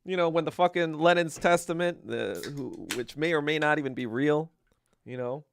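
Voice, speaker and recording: A man's voice: a little high, normal speed, vocal fry, clear, resonant tone. A young man hosting a podcast livestream, ranting casually in a crude, joking, rambling way. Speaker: podcast host.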